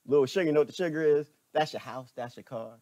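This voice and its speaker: A middle-aged man giving a preachy, animated monologue as a vlogger, laughing often and repeating himself. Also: fairly high pitch, fast, no echo. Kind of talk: ranting commentary monologue.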